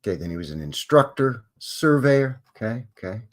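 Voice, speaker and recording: A man's voice: mid-range voice, big pitch swings, moderate pace. A Canadian man hosting a live show, casually reading historical notes aloud and breaking off for wry, offhand asides. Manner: wry offhand asides between read-out facts.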